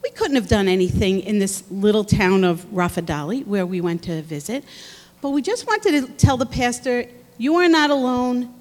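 A woman's voice: mid-range voice, animated, moderate pace, darkish tone. A woman giving an earnest, encouraging testimony to a church congregation. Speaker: speaker at church. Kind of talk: sermon testimony. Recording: long hall reverb.

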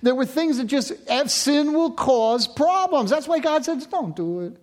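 A man in his sixties, a pastor preaching a sermon, moving from loud emphatic lines to hushed near-whispers. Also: extremely high pitch, a little slow.

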